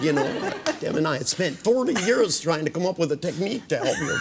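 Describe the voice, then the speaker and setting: An older man, a hypnotist, running a live hypnosis demonstration at a seminar, joking and teasing between slow, soft trance suggestions. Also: on the high side, big pitch swings, gravelly, noisy background. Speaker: hypnotist leading a training seminar. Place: seminar room with participants.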